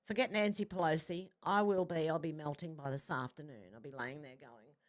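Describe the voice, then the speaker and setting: A woman hosting a livestream, reading out viewer comments in casual chat with quick, chatty asides. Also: low-pitched. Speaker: livestream host.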